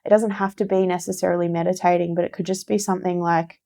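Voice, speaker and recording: A woman with a low voice and a gravelly edge talks through a tarot reading. She is gentle and encouraging, and she repeats her advice to press it home. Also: flat delivery, quick pace, hardly any pauses. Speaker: tarot reader. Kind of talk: casual spoken tarot reading.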